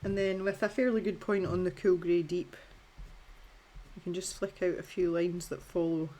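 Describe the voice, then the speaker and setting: Talking her way through a colouring tutorial, a Scottish woman in her thirties keeps things chatty and self-deprecating, restarting sentences and using fillers. She speaks at a normal pace with a fairly low, mellow voice and a level tone.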